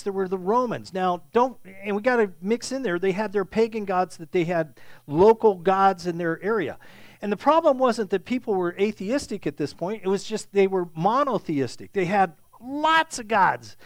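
Middle-aged guy pastor with a high voice, chatty sermon, keeps asking okay?, dry close sound. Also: no room sound. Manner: conversational preaching with frequent "okay?" check-ins.

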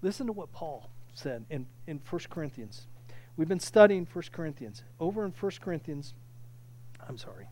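A man preaching a sermon with impassioned delivery, often restarting phrases and building to loud peaks. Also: on the high side, expressive, normal speed. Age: older. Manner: impassioned, rising to near shouting, with frequent restarts. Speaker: pastor.

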